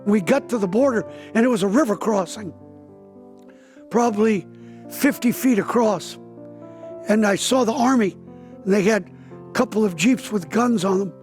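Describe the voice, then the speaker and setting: A man's voice: high voice, normal speed, pauses often, darkish tone, soft background music. A pastor in his seventies gives an interview and tells a dramatic story vividly, acting out the voices of the people in it. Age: 70s. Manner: vivid storyteller, acts out quoted dialogue with a raised voice. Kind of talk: interview testimony, telling a story.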